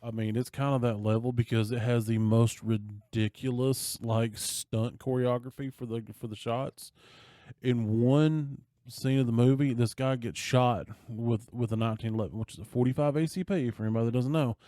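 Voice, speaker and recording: A man's voice: mid-range voice, normal speed, dry recording, studio quality. A man co-hosting a podcast, telling a movie plot in casual chat and acting out the characters' lines as he goes. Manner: animated storyteller, acting out quoted lines. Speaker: podcast co-host.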